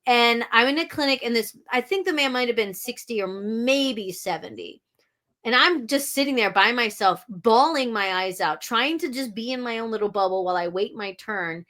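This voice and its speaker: A woman's voice: on the high side, expressive, normal speed, bright, forceful tone. A woman guest on a podcast, talking frankly with lots of restarts and blunt swearing. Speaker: podcast guest, audiobook narrator. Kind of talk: candid interview talk.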